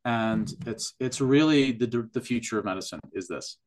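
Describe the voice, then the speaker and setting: Guy on a podcast talking about health testing, eager, lots of restarts and "like", mid pitch. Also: normal speed, a little hiss or hum. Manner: enthusiastic, explanatory, with frequent restarts and "like". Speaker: functional medicine practitioner, podcast guest. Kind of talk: casual podcast interview.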